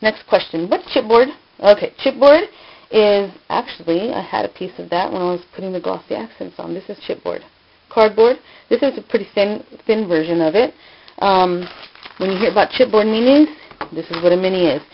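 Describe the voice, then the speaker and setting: A woman's voice: medium pitch, moderate pace, gravelly, slight background noise. A woman hosting a casual hands-on crafting tutorial, talking informally with many fillers and self-corrections. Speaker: crafting channel host. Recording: dull lo-fi home video sound.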